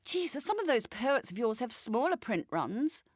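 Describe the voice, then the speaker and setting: A woman doing a brash, pushy female novelist with a high, loud, demanding voice, dry close sound. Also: very animated, moderate pace, no echo. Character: brash, pushy middle-aged woman, self-absorbed novelist.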